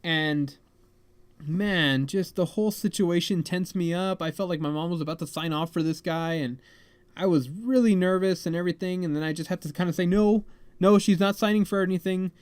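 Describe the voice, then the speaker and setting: A young man hosting a podcast, telling a story in a rambling, animated way full of "like" and "man". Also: on the high side, normal speed, clear, resonant tone, dry recording. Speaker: podcast host. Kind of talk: casual storytelling.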